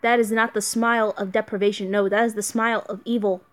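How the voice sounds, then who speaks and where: A woman's voice: mid-range voice, flat delivery, quick pace, soft background music. A young woman streaming a mobile game, chatting casually and answering her viewers. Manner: chatty, reads viewer chat aloud. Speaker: let's play streamer.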